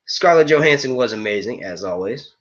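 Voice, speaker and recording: This movie and TV review streamer rambles casually to his chat in a brisk, mid-range voice with lively intonation. He swears freely and keeps saying "yo," all over dull lo-fi stream audio.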